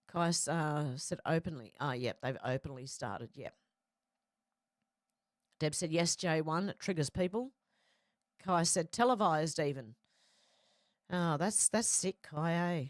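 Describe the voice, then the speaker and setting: In a studio-quality recording with no room sound, a middle-aged woman with a fairly low voice hosts a casual live chat. She's chatty, reads viewer comments aloud, and laughs often as she reacts.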